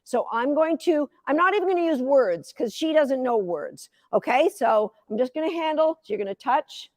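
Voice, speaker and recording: A woman in her fifties, a dog agility coach giving a live teaching demo, chatty and energetic, cheering the dog on. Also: high-pitched, moderate pace, no echo, clean studio sound.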